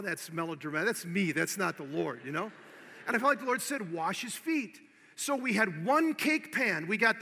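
A man preaching, telling a personal story with animated acted-out dialogue and swinging from hushed to loud exhortation. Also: very high voice. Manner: animated storyteller, acting out both sides of the dialogue. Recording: long hall reverb.

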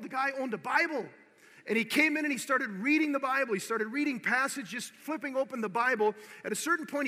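A man preaching, telling a personal story with animated acted-out dialogue and swinging from hushed to loud exhortation. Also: very high-pitched. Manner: animated storyteller, acting out both sides of the dialogue. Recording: long hall reverb.

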